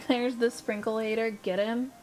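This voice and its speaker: A woman's voice: a little high, level tone, a little slow, darkish tone. A young woman streamer from the American South, chatting casually with her viewers and thinking aloud. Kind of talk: casual chat with live viewers. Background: faint background music.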